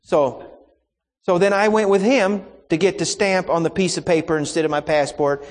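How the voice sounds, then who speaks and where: A man's voice: high-pitched, fairly even intonation, moderate pace, in a large hall. A man preaching a sermon, telling a personal story in a folksy, anecdotal way and acting out the exchanges.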